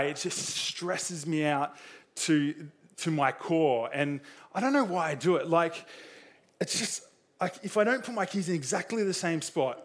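A man's voice: a little high, a bit bright. A young man preaching a sermon in a casual, conversational way, full of fillers, acting out quotes with a raised voice.

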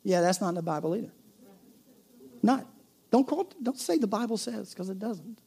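A pastor preaching a sermon in a conversational way, with jokey asides and a softer, earnest tone at times. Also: medium pitch, expressive, normal speed, gravelly, husky.

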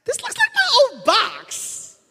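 A man's voice: very high-pitched, huge pitch swings, slow, sharp tone, pitched above the performer's own voice, exaggerated voice. A man putting on the voice of his wife, a young woman squealing and breathless with laughter. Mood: giddy. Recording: echoey hall.

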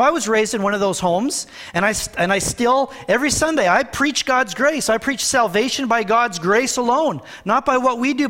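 A man with a high voice delivers a sermon from the pulpit. He talks to the congregation in a plain, earnest way and slows down to stress the scripture he reads. His voice carries a long reverb from the church sanctuary. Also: fairly bright tone. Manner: earnest, conversational preaching with slow emphatic scripture reading. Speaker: pastor.

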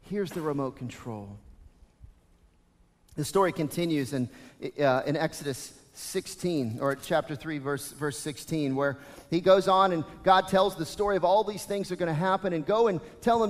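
A man's voice: a little high, moderate pace. A man in his thirties preaching a sermon in a conversational, earnest tone, mixing scripture with stories. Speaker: pastor. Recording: long reverb of a large hall.

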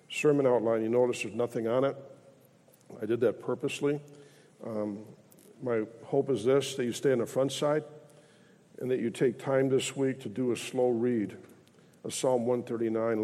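A man's voice: mid-range voice, mellow. A man preaching a sermon as pastor, earnest and rising in emphasis when he reads scripture. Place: church sanctuary. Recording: long reverb of a church hall.

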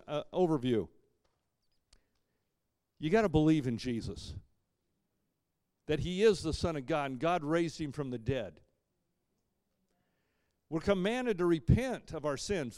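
A high-pitched man delivers a sermon as pastor, recorded with no room sound. He is emphatic, shifting from booming punches to quiet remarks, with deadpan joking asides.

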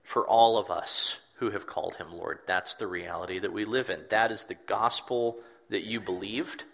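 Guy preaching a sermon, reflective, kinda low voice but bright. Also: fairly even intonation, normal speed, creaky. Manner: earnest, reflective, repeats words for emphasis. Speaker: pastor.

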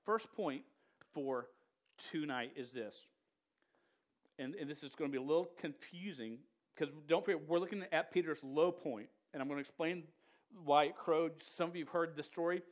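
A man's voice: on the high side, normal speed. A man preaching a sermon in a casual, slangy way, often stuttering and repeating the start of words. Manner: says "dude" and "y'all".

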